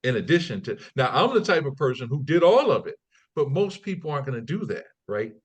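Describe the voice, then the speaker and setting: A trading company CEO appears as a podcast guest in a conversational interview, speaking briskly in a medium pitch with a breathy edge. He's an animated storyteller who acts out quoted people in raised voices, often repeating and restarting words.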